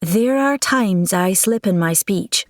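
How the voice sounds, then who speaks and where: A woman's voice: medium pitch, animated, takes it slowly, no echo, clean studio sound. A woman voicing a proud, nervous young Scottish noblewoman in an audiobook, speaking earnestly with a Scottish brogue. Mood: flustered.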